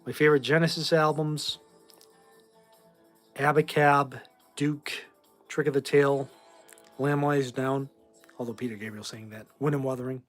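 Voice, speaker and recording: On a casual livestream, a weary man in his forties from Massachusetts, USA, who hasn't slept enough, answers chat bluntly and at rambling length. He keeps a medium pitch and steady tone at a measured pace, pausing often, as faint music plays.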